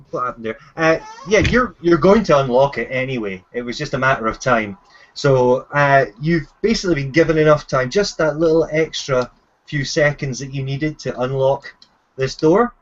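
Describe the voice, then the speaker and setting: A man's voice: a little high, a bit bright, lo-fi sound. A man running a tabletop game as game master, narrating hesitantly with many fillers and restarts.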